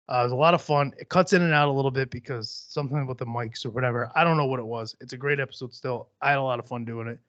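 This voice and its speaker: Blunt, profane podcast host, dry dull sound. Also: male voice, mid-range voice, fairly bright tone, no echo. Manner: blunt, profane, rambling with many fillers. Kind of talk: casual solo podcast rambling.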